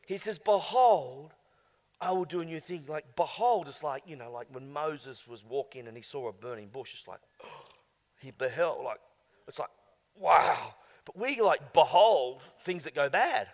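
A male pastor preaching emphatically, swinging between hushed asides and loud exclamations. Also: on the high side, expressive, measured pace. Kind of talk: sermon. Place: church. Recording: long church hall reverb.

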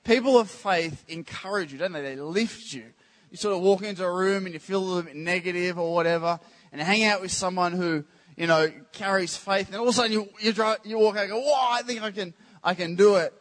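A man preaching a casual, joking sermon to a church congregation, teasing the crowd with quick questions. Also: high-pitched, a bit bright. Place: church service.

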